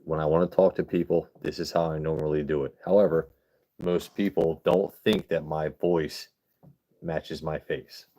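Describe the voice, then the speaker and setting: Man, very deep voice, livestream host, casual rambling chat, profane. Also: steady tone, normal speed, mellow. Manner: rambling, profane, chatting with viewers.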